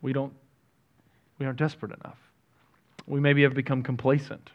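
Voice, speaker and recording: A man preaching a sermon as a pastor, talking in a conversational, self-deprecating way that moves between quiet and energetic stretches. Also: medium pitch, a little fast, highs cut off.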